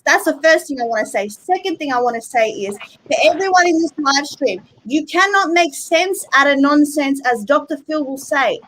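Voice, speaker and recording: A woman's voice: high voice, lively intonation, normal speed, hardly any pauses, a bit bright, poor audio. A woman arguing bluntly on a live stream, exasperated and swearing. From Australia. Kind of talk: heated live stream argument.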